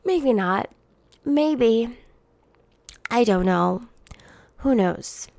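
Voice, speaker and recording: A woman's voice: a little high, animated, very slow, vocal fry, darkish tone, no echo. A young woman hosting a solo podcast, venting bluntly and profanely while coming down with a cold. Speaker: podcast host.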